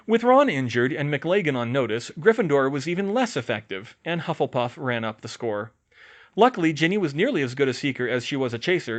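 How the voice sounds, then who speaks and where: A man narrating a fan fiction audiobook in a steady, even storytelling manner. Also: mid-range voice.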